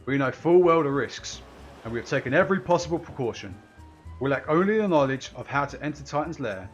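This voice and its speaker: A man's voice: medium pitch, expressive, brisk, dull audio, soft background music, close to an everyday voice. A man reading game lines aloud, voicing an earnest young scholar who speaks formally and solemnly.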